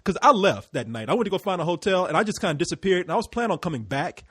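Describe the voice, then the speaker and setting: Animated, high-voiced American male host. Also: very fast, slightly rough, dry recording, clean studio sound. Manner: animated storyteller, swears freely, laughs a lot. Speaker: podcast host. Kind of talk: casual podcast chat.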